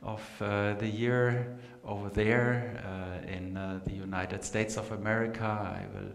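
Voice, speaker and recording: A man with a German accent giving an unhurried live talk to an audience, pausing often with fillers. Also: fairly low pitch, level tone. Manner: unhurried, hesitant with many fillers. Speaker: meditation teacher giving a talk. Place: meeting room with a live audience. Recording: echoey hall, faint noise.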